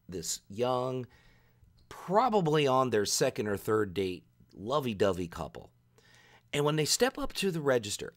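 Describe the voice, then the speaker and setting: Male gaming creator, lively pitch, ranting storyteller, opinionated commentary. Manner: animated, storytelling rant.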